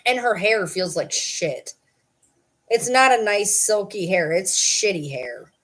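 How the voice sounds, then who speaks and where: A woman's voice: mid-range voice, expressive, takes it slowly, fairly bright tone. This is a woman chatting to camera in a loose, cussing, rambling way. Her voice swoops up and down, and she keeps breaking off to talk to her dogs. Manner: profane, rambling, talks to her dogs mid-sentence. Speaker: vlogger. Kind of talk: casual chat to camera.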